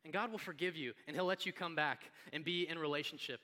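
A man, a pastor, preaching a sermon in a conversational, animated storytelling manner. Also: on the high side, fast talker. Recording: long hall reverb.

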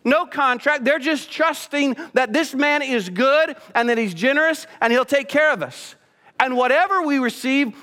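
Animated pastor preaching in a reverberant hall. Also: male voice, very high-pitched, clean tone. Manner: acts out quoted voices, animated storytelling. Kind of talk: sermon.

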